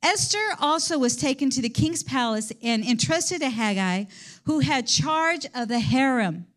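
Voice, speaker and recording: A woman preacher giving a sermon, conversational and animated as she retells a story. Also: high voice, a little slow.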